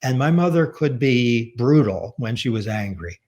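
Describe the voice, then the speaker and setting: A man giving a public lecture, speaking in a measured, earnest and reflective way as he tells a personal story. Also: medium pitch, lively intonation. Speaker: author giving a talk.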